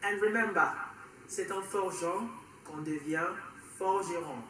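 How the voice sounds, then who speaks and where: A man's voice: sits high, a little slow, a bit bright, a little hiss or hum. A man teaching French in a casual lesson, repeating phrases for learners and switching between French and English. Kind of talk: casual language lesson to camera. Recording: echoey room, distant mic.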